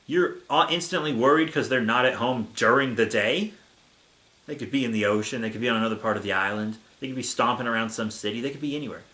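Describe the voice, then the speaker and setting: A man's voice: mid-range voice, animated, fairly quick, sharp tone, reverberant. A young man hosting a comedic fan fiction reading, sarcastic and exasperated.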